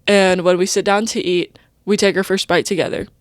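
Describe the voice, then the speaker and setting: A woman's voice: fairly low pitch, steady tone, fairly quick, no room sound, clean studio sound. A young woman hosting a podcast, talking in a rambling, personal, stream-of-consciousness way full of "like" and "you know". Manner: emotional, openly personal. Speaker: podcast host. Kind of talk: casual confessional monologue.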